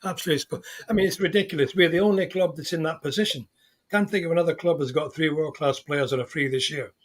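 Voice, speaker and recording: A man on a fan show agreeing emphatically and building on another speaker's point. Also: fairly high pitch. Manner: emphatic agreement, quick and animated. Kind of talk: casual live fan-show chat.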